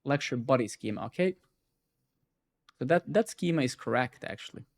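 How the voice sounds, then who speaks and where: A man live-streaming his coding, ranting and swearing in a casual way, tagging his sentences with "right?" and "man", then muttering quietly as he debugs. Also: medium pitch, animated, moderate pace.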